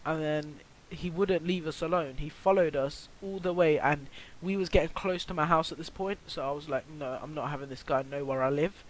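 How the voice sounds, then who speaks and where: Rambling teen lad, slightly high voice. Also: male voice, steady tone, moderate pace, hardly any pauses, low-quality recording. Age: teens. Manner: rambling, filler-heavy, swearing. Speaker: vlogger. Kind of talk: storytime vlog.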